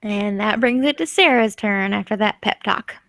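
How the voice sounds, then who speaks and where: A woman narrating and refereeing a tabletop role-playing game in a casual, relaxed way. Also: medium pitch, moderate pace, no echo. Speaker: game master.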